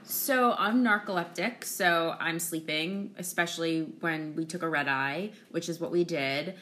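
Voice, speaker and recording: Low-pitched bright woman podcast co-host. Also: a little slow. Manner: candid, self-deprecating and talkative. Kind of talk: casual travel podcast chat.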